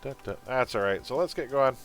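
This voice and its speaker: A man's voice: medium pitch, expressive, a little fast, faint music behind. A man chatting casually on a live game stream, rambling and opinionated, often calling his viewers folks. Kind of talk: casual gaming stream chat.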